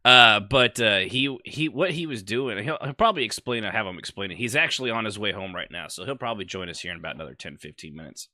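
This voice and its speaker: A man's voice: on the low side, animated, fast talker, few pauses, sharp tone, no echo, studio quality. A man hosting a casual podcast, recounting roleplay game events in a rambling way with plenty of fillers. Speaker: podcast host.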